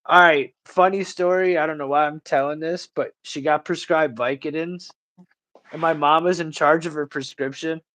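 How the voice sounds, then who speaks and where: A man's voice: fairly high pitch, steady tone, moderate pace, fairly bright tone. A man hosting a livestream in casual chat, rambling and slangy, calling people bro and dude. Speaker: livestream host.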